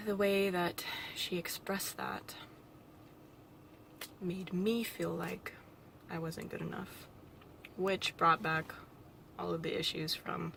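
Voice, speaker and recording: A young woman vlogging alone, talking in a halting, reflective way with nervous little laughs, emotional and close to tears. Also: medium pitch, creaky, fairly bright tone, a little hiss or hum. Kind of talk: personal vlog monologue.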